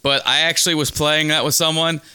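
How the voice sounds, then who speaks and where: A man in casual podcast chat, his voice bright and crisp in a dry, close room. He tells jokey stories in a rambling way, often stopping and restarting mid-sentence. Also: fairly high pitch, little pitch movement, brisk, no room sound. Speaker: podcast co-host.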